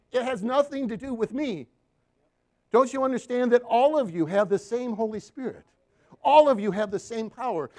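A man with a high-pitched voice preaches a sermon, telling stories from his counseling work. He walks the congregation through slides and keeps asking them for an amen. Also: a little mellow. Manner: storytelling, asks the room for "Amen?". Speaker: Christian counselor and guest preacher.

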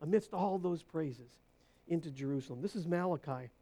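A woman preaching a sermon, stressing her points by repeating phrases and swinging from hushed low lines to loud rising bursts. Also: moderate pace.

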